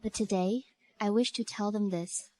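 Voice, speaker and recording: A young woman voicing a dignified, wronged woman scholar who speaks in a measured way, in a dubbed period drama. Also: mid-range voice, steady tone, a little mellow, close to an everyday voice. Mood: formal. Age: young adult.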